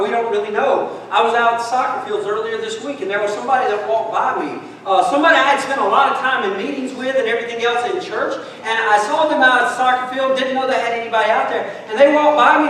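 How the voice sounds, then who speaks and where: Brief: middle-aged man, folksy humorous preacher, high voice, recorded from far off with long reverb. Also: fast talker, few pauses, a bit bright, a little hiss or hum. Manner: folksy storytelling with humor, calls listeners "friends". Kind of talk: sermon. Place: large church hall. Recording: echoey church hall recording from far off.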